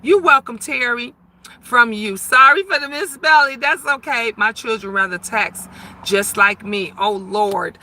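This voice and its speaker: A middle-aged woman hosting a casual live stream, reading comments and chatting loudly with sudden high squeals. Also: moderate pace. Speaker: livestream host reading viewer comments.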